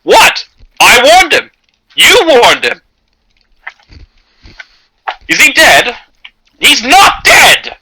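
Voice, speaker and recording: A man voicing a short-tempered male mercenary captain who shouts in exasperation. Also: extremely high pitch, huge pitch swings, drawn-out words, long pauses, background noise, pitched above the performer's own voice, full character voice. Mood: indignant.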